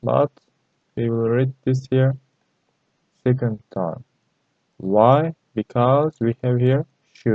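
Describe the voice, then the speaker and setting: A man gives a language lesson at a slow, careful pace. He repeats each phrase and fills the pauses with hesitant fillers. The recording is dry and dull, lo-fi with little room sound. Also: mid-range voice, dry recording. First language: Turkish. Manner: halting and repetitive, many fillers. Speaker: Chinese language teacher.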